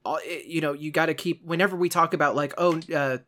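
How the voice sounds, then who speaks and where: A man's voice: on the high side, steady tone, fast, bright, forceful tone. A man co-hosting a casual podcast, talking in an easygoing, rambling way with many fillers. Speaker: podcast co-host.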